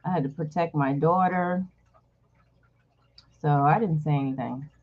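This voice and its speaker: A woman's voice: low voice, a little slow. A woman host casually telling a personal story to her viewers, candid and blunt, swearing freely. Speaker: channel host. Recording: dull lo-fi recording.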